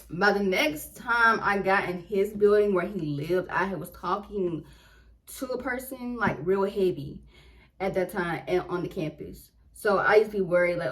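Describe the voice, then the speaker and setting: A woman's voice: medium pitch, low-quality recording. A woman in her twenties telling a story casually and with animation, full of slang, acting out what she said back then. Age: 20s. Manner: animated, slangy, acts out her own quotes. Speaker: vlogger.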